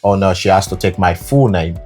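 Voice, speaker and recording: A man from Nigeria with a fairly low voice, co-hosting a couple's chat. He speaks in a steady, measured way and keeps nodding along with short affirmations. Soft music sits faintly under his voice. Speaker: co-host. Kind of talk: casual chat.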